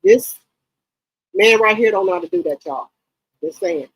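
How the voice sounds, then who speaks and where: Animated, outspoken husky-voiced woman. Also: medium pitch, moderate pace, rough recording. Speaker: gossip channel host. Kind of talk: casual commentary to viewers.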